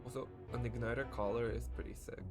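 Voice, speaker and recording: A male streamer talks through a game in a loose, rambling way, full of fillers and swearing. He sounds choked up and close to tears. Game music plays loudly under his voice. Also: medium pitch, steady tone, quick pace. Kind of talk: live gameplay commentary.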